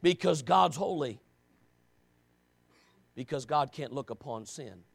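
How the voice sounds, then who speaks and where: Man, preacher, sermon, high-pitched, gravelly, dry recording. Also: lively intonation, slow pace, no room sound. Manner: swings from quiet, low talk to loud, shouted emphasis; repetitive rhetorical questions.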